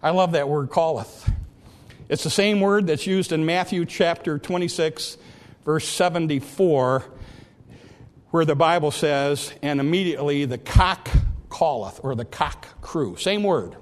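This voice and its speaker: A man preaching a sermon, swinging from loud, ringing calls to hushed, quiet lines. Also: on the high side, a little slow.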